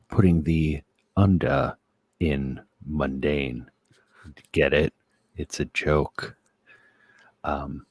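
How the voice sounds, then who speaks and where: A man giving a deadpan mock presentation on a comedy podcast, insistent and stumbling over restarts. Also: a bass voice, husky, no echo.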